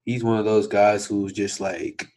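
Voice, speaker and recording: A man's voice: fairly low pitch, flat delivery, a little slow, darkish tone. A young man co-hosting a podcast, laid-back and slangy, laughing a lot. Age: young adult. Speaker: podcast co-host. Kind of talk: casual wrestling chat.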